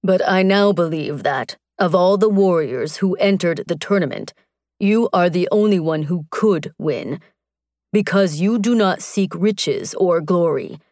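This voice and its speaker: A woman's voice: on the low side, lively intonation, dry recording, clean studio sound. A woman voicing an earnest barbarian warrior. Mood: tender earnest. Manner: slow, gentle, earnest.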